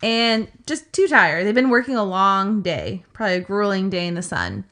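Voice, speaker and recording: Bright-voiced woman telling a story. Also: medium pitch, sing-song, normal speed. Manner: chatty, filler-heavy retelling with acted quotes. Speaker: podcast co-host. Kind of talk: casual storytelling chat.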